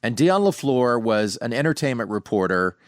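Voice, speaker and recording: A middle-aged man hosting a podcast, casually telling animated anecdotes from home with frequent restarts. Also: medium pitch, normal speed, no room sound, studio quality. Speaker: podcast host. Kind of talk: casual storytelling monologue. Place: home, sitting on a couch.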